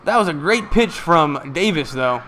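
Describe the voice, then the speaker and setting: A man giving casual, excited live play-by-play of a ball game from a stream, chatting to his viewers. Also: a little high, unhurried, slight background noise.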